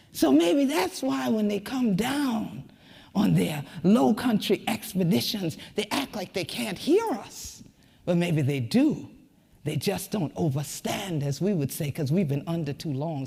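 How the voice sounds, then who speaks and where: Chanting Gullah Geechee woman, raspy voice. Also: fairly low pitch, big-room sound. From Sea Islands of the American Southeast. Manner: rhythmic, chanting, dramatic shifts between whispers and shouts. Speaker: community leader and keynote speaker. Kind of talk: spoken-word keynote performance.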